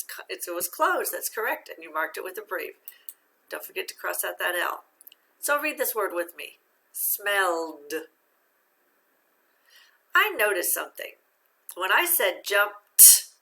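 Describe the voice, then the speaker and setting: Slow, patient woman teaching phonics. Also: mid-range voice, vocal fry, sharp tone. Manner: slow, patient, encouraging, asks and praises as if a child answers. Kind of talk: phonics lesson for young children.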